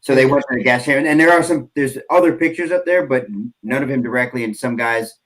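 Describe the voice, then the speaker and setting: A man's voice: medium pitch, fast, fairly bright tone, low-quality recording. Easygoing man telling stories. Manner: laughing, rambling anecdotes with fillers. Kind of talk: casual storytelling chat.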